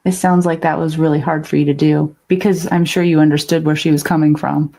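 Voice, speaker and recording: A woman hosting an interview who asks gentle questions and affirms her guest. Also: sits low, steady tone, fairly quick, vocal fry. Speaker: podcast host. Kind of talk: interview conversation.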